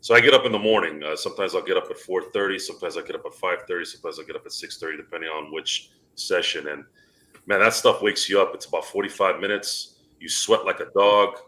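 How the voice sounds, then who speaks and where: A man's voice: low-pitched, fast, pushed and bright. A man in casual sports chat, emphatic and swearing now and then. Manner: emphatic, swears, gives advice.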